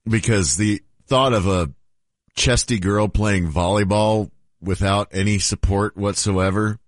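A man's voice: fairly low pitch, measured pace, dry recording, clean studio sound. A man co-hosting a radio show, cracking jokes with stumbling restarts. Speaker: radio co-host. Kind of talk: casual radio banter.

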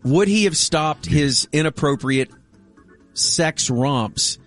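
A man's voice: fairly high pitch, lively intonation, slow, soft background music. A middle-aged man hosting a radio show, telling a self-mocking story in casual banter.

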